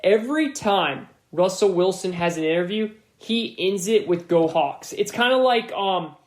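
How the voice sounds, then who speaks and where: A man's voice: high-pitched, lively intonation, measured pace. A man hosting a sports podcast, talking through his opinions in a casual, emphatic monologue and repeating points for stress. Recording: roomy echo.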